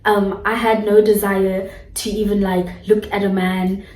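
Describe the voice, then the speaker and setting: A young woman from South Africa talks frankly and expressively to her camera, chatty and unguarded. Her voice sits at an ordinary middle pitch. It bounces around a roomy, echoey space, and she sounds a little far from the mic. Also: unhurried. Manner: candid, animated storytelling, addresses viewers as guys. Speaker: vlogger. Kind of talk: casual talk to camera.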